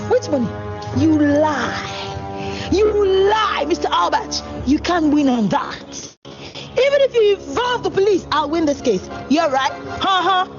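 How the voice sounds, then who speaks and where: A woman acting a brash young woman who dodges a debt, loud and mocking, in a comedy skit. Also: extremely high pitch, expressive, slow pace, full character voice. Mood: defiant, mocking. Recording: dull clip with music. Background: music.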